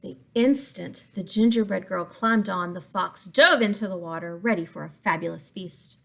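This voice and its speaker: A woman reading a picture book aloud to children, pausing to ask questions and explain words. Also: on the low side, vocal fry. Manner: expressive, asks listeners questions, explains words. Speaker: story reader for children.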